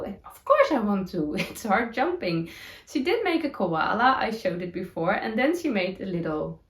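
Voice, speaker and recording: A woman with a Dutch accent, a native Dutch speaker, chatting casually as a knitting podcast host, with many fillers, pauses and giggles. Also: a little high, big pitch swings. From Netherlands. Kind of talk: casual chat showing her knitting gear. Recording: roomy echo.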